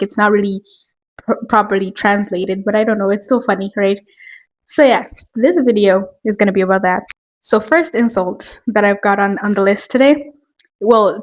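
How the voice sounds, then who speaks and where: A woman hosting a casual commentary vlog, chatty and quick to laugh, with lots of filler words. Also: medium pitch. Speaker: video host.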